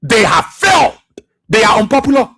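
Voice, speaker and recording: A man's voice: extremely high pitch, wildly swooping pitch, normal speed, sharp tone, slightly rough. A man with a Liberian English accent hosting a political talk radio show, firing accusing rhetorical questions with mounting fervor. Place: radio studio.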